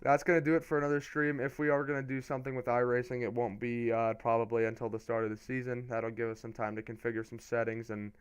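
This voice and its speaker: A young man streaming a racing game, giving casual play-by-play commentary that turns excitable on restarts. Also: mid-range voice, fast talker, few pauses, clear, resonant tone. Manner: excitable, rises to shouting on restarts.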